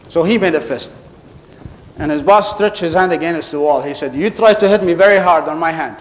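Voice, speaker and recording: A man's voice: high-pitched, animated, brisk. A man giving a humorous contest speech on stage, telling stories and acting out the people in them. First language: Arabic. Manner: storytelling, acting out quoted characters. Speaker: contest speaker. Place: large hall on stage. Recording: hall with long reverb.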